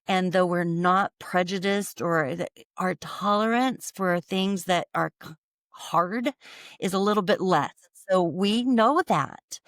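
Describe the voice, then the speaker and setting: A woman's voice: lowish voice, slow, dry recording, clean studio sound. An American woman, a company CEO and podcast guest, telling earnest stories in conversation and acting out bits of dialogue, often restarting her sentences. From United States. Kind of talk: conversational interview storytelling.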